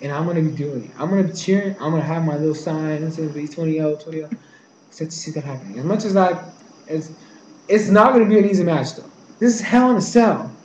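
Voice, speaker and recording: A man's voice: a little high, fast. A young man casually recapping events and giving his predictions, retelling scenes and quoting characters in his own voice. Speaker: vlogger. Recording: echoey room, faint background noise.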